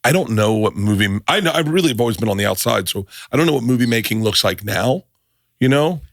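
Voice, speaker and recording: A podcast host in casual chat, excitable and rambling, trailing off mid-thought. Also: male voice, medium pitch, quick pace, creaky, dry recording, studio quality.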